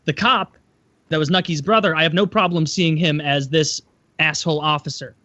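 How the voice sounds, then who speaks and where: A man co-hosting a podcast in casual chat, an animated storyteller who acts out voices. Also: fairly high pitch, normal speed, no room sound. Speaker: podcast co-host. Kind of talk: casual chat about TV shows. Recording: dry, muffled podcast audio.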